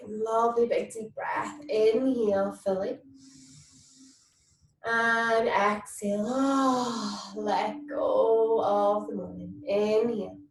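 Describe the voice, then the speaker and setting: Slow, soothing woman in an echoey room. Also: medium pitch, slight background noise. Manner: soft, soothing instructions with sing-song baby talk. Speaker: yoga instructor. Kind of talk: guided mum and baby yoga class. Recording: echoey room, mic at a distance.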